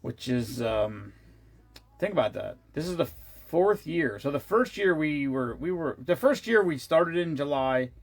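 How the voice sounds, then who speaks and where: This vlogger's voice is a little high, expressive and unhurried as he chats casually and wearily with viewers. He keeps restarting, drifting into asides and letting slip the odd swear word.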